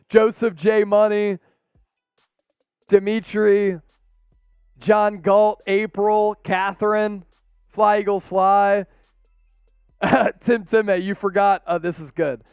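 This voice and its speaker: Excitable high-voiced male sports streamer. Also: slow pace, pauses often, smooth, no echo, highs cut off, soft background music. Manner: excitable, laughing, rowdy, casual. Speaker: host. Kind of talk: live-stream watch-party play-by-play.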